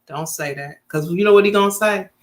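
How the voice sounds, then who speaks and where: Woman, 50s, vlogger storytelling, emphatic, repeats herself, mid-pitched. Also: fairly quick. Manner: chatty, emphatic, repeats points, acts out quoted family voices. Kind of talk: casual storytelling to camera.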